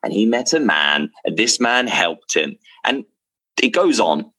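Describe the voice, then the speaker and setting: A man telling a story to camera about his drinks brand, rambling and excitable, with many restarts and fillers. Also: on the low side, a little slow.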